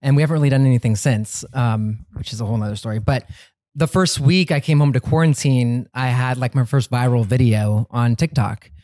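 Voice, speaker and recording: A man answering as a guest in a casual podcast interview, relaxed and easygoing. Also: mid-range voice, fairly quick, few pauses, no room sound, clean studio sound.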